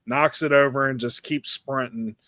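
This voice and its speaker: A man's voice: mid-range voice, fairly even intonation, moderate pace, pushed and bright, no echo. A man co-hosting a podcast, telling a long, rambling, crude anecdote in casual chat. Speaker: podcast co-host.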